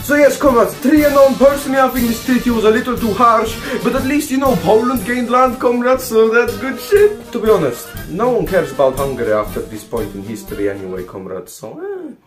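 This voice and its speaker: A man's voice: very high voice, very animated, brisk, hardly any pauses, music in the background. A man hosting a comedic history explainer, joking and swearing and calling his viewers comrades. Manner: profane, jokey, calls the audience comrades constantly. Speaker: history video host.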